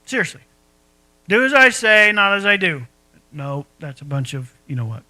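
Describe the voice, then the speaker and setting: A middle-aged man delivers a sermon in a high, bright voice. He preaches in a folksy, conversational way, tossing rhetorical questions at the congregation. The sound is dry and close, with no room echo. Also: very animated, normal speed. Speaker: pastor.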